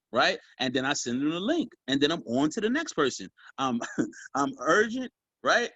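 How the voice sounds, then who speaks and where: Man giving a lively sales coaching talk. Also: fairly high pitch, moderate pace, husky, no room sound, dull audio. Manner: animated, casual, addresses group as y'all. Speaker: sales trainer. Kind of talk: motivational training talk.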